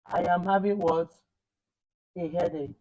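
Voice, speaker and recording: A man teaching a language lesson online, repeating words slowly and correcting his pupils. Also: sits high, steady tone, dark tone, rough recording.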